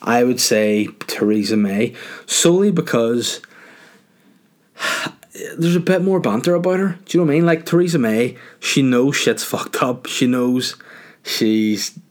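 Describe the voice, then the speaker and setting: A man's voice: medium pitch, animated, measured pace. A young man with a Northern Irish accent hosting a podcast, answering listener questions in a crude, joking, rambling way. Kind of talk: casual chat.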